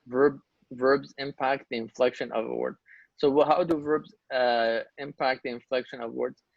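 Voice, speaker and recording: A man's voice: mid-range voice, steady tone, normal speed, creaky, dry recording. A man teaching an Arabic grammar lesson, explaining step by step and checking understanding with questions to his students. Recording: dull lo-fi dry recording.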